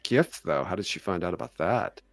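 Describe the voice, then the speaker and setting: A man's voice: deep voice, animated, a little fast, dry recording. A man chatting as a guest, easygoing and full of questions. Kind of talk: casual chat.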